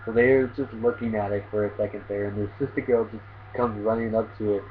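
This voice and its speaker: A man hosting his own anime review channel retells an episode casually and ramblingly, full of fillers. His voice is on the low side, steady and brisk, and the audio is tinny and phone-like with a faint hiss.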